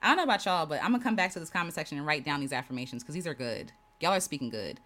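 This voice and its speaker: A woman's voice: low-pitched, animated, rapid-fire, a bit bright. A woman hosting a casual livestream, reading viewers' comments aloud and answering them with affirmations and laughter. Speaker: host reading live chat.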